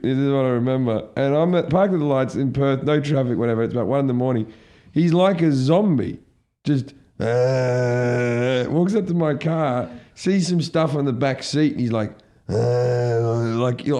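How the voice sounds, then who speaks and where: A comedian telling a story in casual chat, acting out shouts as he goes. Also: medium pitch. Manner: animated, acts out shouts in his stories.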